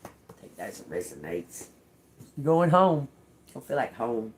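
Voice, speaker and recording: A woman's voice: rumbling low, very animated, takes it slowly. Chatty woman tarot reader. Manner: chatty and loose, laughs often, talks to her pet bird. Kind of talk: casual reading and chat to viewers.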